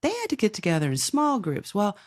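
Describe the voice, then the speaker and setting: An older woman speaks as an interview guest in a lively, animated way, often breaking off and restarting mid-sentence. Her voice is recorded dry and close, with no room sound. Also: medium pitch, fairly quick, dry recording. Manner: animated, acts out quoted dialogue, frequent restarts. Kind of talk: conversational interview.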